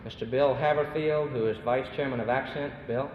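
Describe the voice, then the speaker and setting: A man's voice: medium pitch, steady tone, a crowd in the background. A young man serving as student body president, formally introducing committee members and guests at a symposium. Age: young adult. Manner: formal, ceremonious, brisk. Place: large hall at a symposium. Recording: echoey hall on a dull, noisy old recording.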